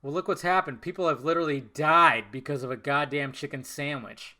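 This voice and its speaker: A man hosting a podcast, answering viewer questions in a casual live chat with profane, animated rants. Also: a little high, fairly quick. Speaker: podcast host.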